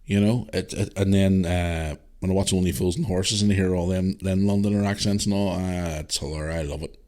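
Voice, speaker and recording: A man's voice: deep voice, steady tone, a little fast, mellow. A man hosting a casual solo podcast, answering listener emails in a rambling way with restarts and strong swearing. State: parent, a single dad. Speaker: podcast host.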